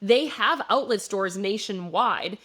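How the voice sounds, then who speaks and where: A young woman from Wisconsin with a Midwestern accent, hosting a business podcast and explaining marketing in a relaxed, conversational way with plenty of fillers. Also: mid-range voice, slow pace. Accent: Midwestern American. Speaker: podcast host, marketing coach. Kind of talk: solo business podcast commentary.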